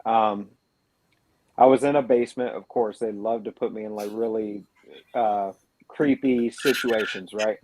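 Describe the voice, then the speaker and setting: Mellow, earnest male storyteller. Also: lowish voice, steady tone, measured pace, no room sound. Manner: earnest, reflective storytelling, many fillers. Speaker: paranormal investigator guest. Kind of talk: telling a story in a radio interview.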